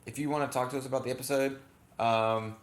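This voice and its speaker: A man's voice: medium pitch, fairly even intonation, fast talker. A man co-hosting a casual reaction chat, rambling with lots of fillers and self-corrections. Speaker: channel co-host. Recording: echoey room.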